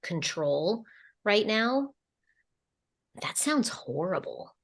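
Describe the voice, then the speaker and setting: A woman with a medium-pitched voice and wide swings in pitch co-hosts a spiritual podcast, passing along channeled messages. She speaks slowly and casually, wandering off track with many fillers and restarts.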